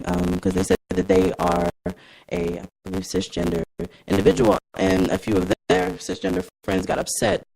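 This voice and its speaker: A man co-hosting, asking questions in a relaxed, hesitant way with plenty of ums. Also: high voice, normal speed, vocal fry, no echo, rough recording. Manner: relaxed, hesitant with ums, short agreeing replies. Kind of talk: casual interview.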